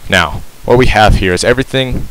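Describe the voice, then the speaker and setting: A man's voice: lowish voice, fairly quick, a bit bright, smooth, low-quality recording. A man giving a casual game tutorial, rambling and correcting himself with lots of ums, breathing heavily into a cheap mic held very close to his mouth.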